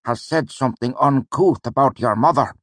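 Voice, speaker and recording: A man's voice: mid-range voice, normal speed, a bit bright, no echo, pitched above the performer's own voice, natural voice. A man voicing a dry, teasing older male teacher who quizzes his student in an audiobook. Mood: wry. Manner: wry, questioning, patient. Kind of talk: audiobook character voice.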